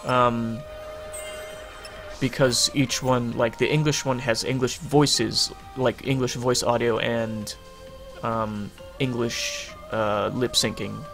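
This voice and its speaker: A man's voice: mid-range voice, steady tone, takes it slowly, vocal fry, a bit bright. A young man co-hosting a game livestream, chatting casually, rambling with lots of fillers and the odd swear. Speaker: livestream co-host. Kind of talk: casual chat during a game stream. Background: game music.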